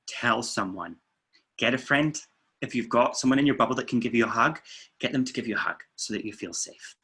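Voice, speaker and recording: Man, coach, bright forceful voice, calm steady instructions, counting aloud. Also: medium pitch, fairly quick, slightly rough. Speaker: weight-loss coach. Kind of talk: guided relaxation instructions. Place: indoors, filming himself.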